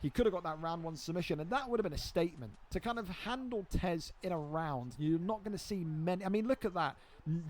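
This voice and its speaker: Bantering with friends, a young man with a high voice gives excitable live commentary on a video game fight, cursing without restraint.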